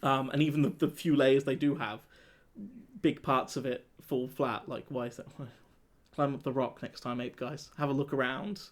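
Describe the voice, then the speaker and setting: A man co-hosting a casual film review chat, animated and laughing as he acts out scenes. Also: medium pitch, normal speed. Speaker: podcast co-host.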